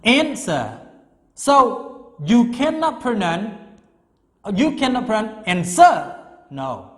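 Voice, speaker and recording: A high, lively male voice teaches grammar at a deliberate pace, stressing and repeating each point. A long hall reverb trails behind him. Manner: slow, emphatic, repeats key words. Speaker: English teacher. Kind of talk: classroom grammar lesson.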